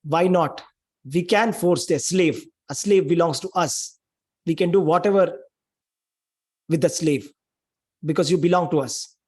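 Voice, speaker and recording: A man voicing an arrogant, cruel prince who orders a queen about with contempt, in a husky voice. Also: on the high side, a little slow, long pauses, a little mellow. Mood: scornful. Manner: contemptuous, commanding.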